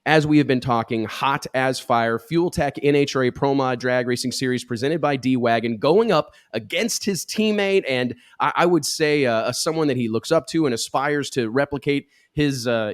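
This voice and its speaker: A man's voice: medium pitch, moderate pace, few pauses, no echo, clean studio sound. A middle-aged man hosting a casual drag racing talk show, enthusiastically running through race stats. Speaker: show host.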